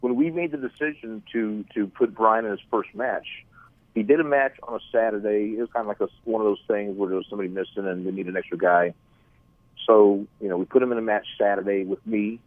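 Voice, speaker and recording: Middle-aged Texan man, low voice, storytelling guest on a tinny phone line. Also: fast talker, no room sound. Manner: animated anecdotes with repeated words and restarts. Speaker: wrestling promoter and trainer.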